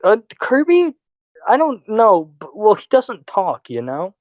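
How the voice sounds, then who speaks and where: A young man co-hosting a podcast, chatting casually in a quick, excitable, jokey way. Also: high-pitched, dry recording, low-quality recording. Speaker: podcast co-host. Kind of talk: casual chat.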